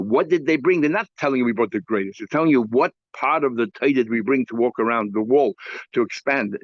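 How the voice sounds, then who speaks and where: A man's voice: medium pitch, no echo, lo-fi sound. A rabbi teaching a daily Talmud class. He explains step by step, asks rhetorical questions and mixes Hebrew and Aramaic terms into his talk.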